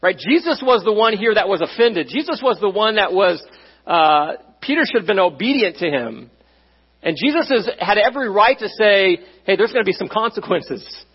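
A man preaching a sermon as pastor, animated and conversational, often checking in with his listeners. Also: sits high, moderate pace, breathy edge, dull audio.

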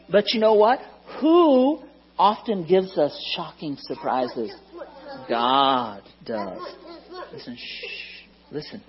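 A children's Bible teacher tells a story to young listeners in a lively manner, often stopping to ask them questions. The voice is husky and sits at a middle pitch. The recording is dull and lo-fi. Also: slow pace. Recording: dull lo-fi sound.

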